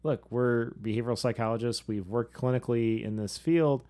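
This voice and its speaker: A man's voice: mid-range voice, dark tone. A man co-hosting a podcast, talking casually, laughing easily and adding side remarks to his partner's stories. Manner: easygoing, quick to laugh, adds caveats. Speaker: podcast co-host, behavioral psychologist and coach. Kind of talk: casual conversational podcast talk.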